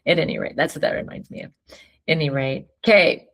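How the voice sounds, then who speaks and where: A woman's voice: low-pitched, fairly quick. A middle-aged woman co-hosting a couples talk show, chatting casually and acting out quoted lines with frequent laughter. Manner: animated, acts out quoted lines, laughs often. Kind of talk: casual conversation walking through a worksheet.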